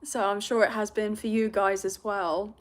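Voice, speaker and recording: A woman's voice: mid-range voice, flat delivery, normal speed. A young British woman with a London accent, hosting a tarot livestream and chatting emotionally with viewers, rambling with fillers and nervous laughs. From Britain. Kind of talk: casual livestream chat reading comments.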